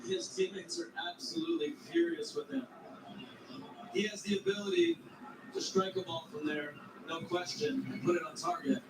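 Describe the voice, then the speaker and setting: A man commenting live on a football match on television, describing the play in a measured, analytical way. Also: high voice, wildly swooping pitch, gravelly, crowd noise. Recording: echoey TV broadcast with noise.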